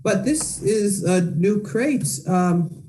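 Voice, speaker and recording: A man's voice: high voice, expressive, slow pace, dark tone, a little hiss or hum. A man playing a tabletop game, hesitant, narrating his character's actions.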